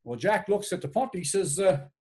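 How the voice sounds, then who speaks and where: A man's voice: high voice, expressive, normal speed, darkish tone. A man with a Newfoundland accent telling a folk tale aloud, folksy and rhythmic, with many repeated tags. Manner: folksy, rhythmic, repeats "she said" and "sure enough". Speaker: storyteller.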